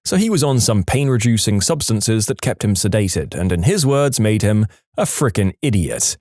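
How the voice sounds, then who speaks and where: A man reads odd little stories aloud with a lively, bouncing voice, his pitch swooping up and down. He sounds close to the mic in a dead, dry room. His telling is playful and expressive. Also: dry recording. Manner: expressive storytelling with playful acted quotes. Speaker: storytelling channel narrator. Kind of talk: reading submitted stories aloud.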